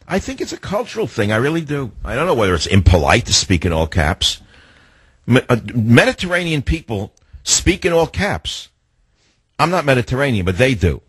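A man hosting a late-night call-in radio show, talking in a rambling, emphatic monologue with a husky voice. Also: medium pitch, very animated, a little fast, a bit bright, no room sound. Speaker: radio talk show host. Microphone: studio microphone.

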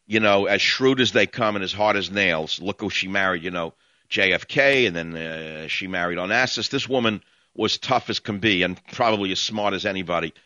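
A man's voice: low voice, normal speed, pushed and bright, no echo, highs cut off. A man with a New York accent hosting call-in talk radio, ranting in a brash, sardonic, rambling way.

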